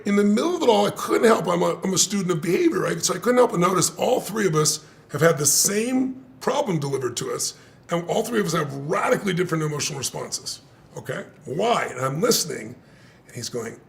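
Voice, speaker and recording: An older man, an interview guest, telling a story in lively conversation, acting out the voices of others and laughing as he goes. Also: high-pitched, brisk, vocal fry, slight background noise. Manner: animated, acts out quoted voices, laughs often.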